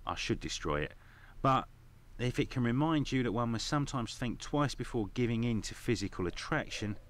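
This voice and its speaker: An actor playing a grave, lecturing Victorian doctor in a video game. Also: male voice, medium pitch, expressive, moderate pace, lightly acted.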